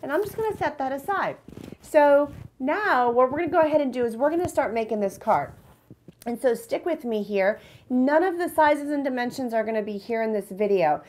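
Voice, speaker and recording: A woman's voice: high-pitched, a little hiss or hum. A woman hosting a card-making tutorial, bubbly and enthusiastic, chatting to her viewers. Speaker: crafting channel host.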